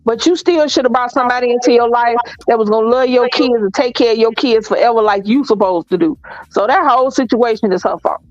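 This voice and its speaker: Woman, Southern US accent, casual chat, blunt, opinionated, fairly high voice, dry dull sound. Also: a little mellow, no echo, faint music behind. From American South. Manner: blunt, opinionated, drawn-out emphasis. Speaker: co-host.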